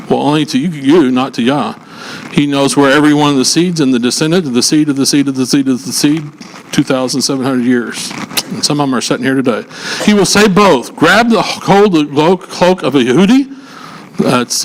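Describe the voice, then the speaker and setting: A man's voice: mid-range voice, a little hiss or hum, low-quality recording. A man leading a scripture teaching session, reading verses aloud and breaking off into casual asides and jokes with his listeners. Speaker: Bible teacher.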